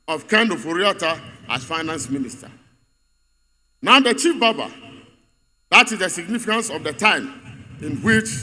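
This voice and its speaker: A man's voice: high-pitched, sharp tone. A man giving an emphatic, repetitive political speech at a party congress in a large venue. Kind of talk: rally speech. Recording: reverberant hall.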